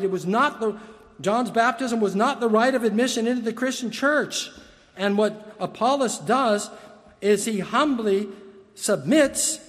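A man with a notably high voice preaches earnestly from the pulpit, pressing his points with repeated words and restarts. His sermon rings out with a long reverb, as in a large church hall. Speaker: pastor. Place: church sanctuary.

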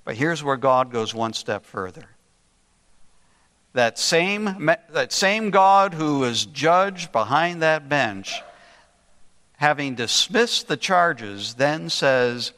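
An older man delivers a sermon at an unhurried, deliberate pace, leaning on words for earnest emphasis. His voice sits a bit high and sounds bright and forceful. A long reverb trails behind him, as in a large hall. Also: expressive. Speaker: pastor.

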